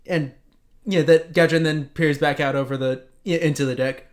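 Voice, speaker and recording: A man playing a tabletop game, speaking in halting bursts that repeat words. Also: fairly high pitch, fairly even intonation. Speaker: player. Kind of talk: casual tabletop play.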